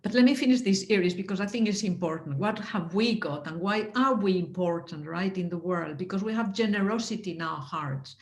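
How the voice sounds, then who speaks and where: A woman giving heartfelt closing remarks on a video call, earnest and halting, with many restarts and moments of emotion. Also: fairly low pitch. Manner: emotional, laughing softly. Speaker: speaker at a network anniversary. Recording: roomy echo.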